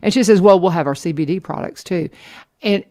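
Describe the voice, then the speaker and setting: A woman's voice: on the low side, fairly quick, dark tone. A woman radio host, talking in a chatty, enthusiastic way with many restarts. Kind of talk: casual radio chat.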